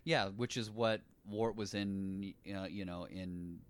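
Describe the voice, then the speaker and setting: A man's voice: low-pitched, fairly even intonation, clear, resonant tone. A man co-hosting a casual chat about a film, laid-back and acting out bits of dialogue. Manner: laid-back, acts out lines in quick voices. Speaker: podcast co-host.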